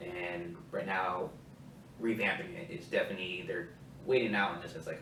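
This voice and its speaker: A man's voice: low-pitched, steady tone, normal speed, a bit bright, echoey room, far from the mic, a little hiss or hum, rough recording. A man hosting a casual podcast interview, chatting bluntly and swearing freely. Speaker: podcast host, army veteran.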